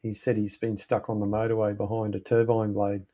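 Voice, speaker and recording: A man's voice: on the low side, monotone, a little fast, warm tone. A man chatting casually on a stream, rambling with many fillers. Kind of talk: casual chat.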